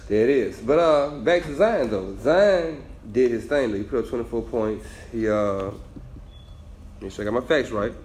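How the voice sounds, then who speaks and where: A man's voice: mid-range voice, animated, normal speed, darkish tone. A man hosting a casual show, laid-back and slangy, tagging lines with "you hear me". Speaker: show host. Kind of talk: casual chat. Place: indoor room on camera. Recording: roomy echo.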